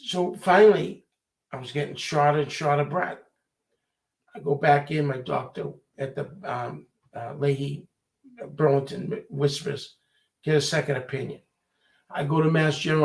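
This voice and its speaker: A man, talking in a casual chat. His voice sits a little high and has a gravelly edge. He tells stories animatedly and acts out the voices of the people in them. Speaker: storyteller.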